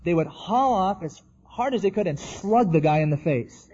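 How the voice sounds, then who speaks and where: Preacher with a husky, mellow voice. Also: male voice, high-pitched, animated, normal speed, lo-fi sound. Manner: conversational preaching, acts out quotes. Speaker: pastor. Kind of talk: sermon.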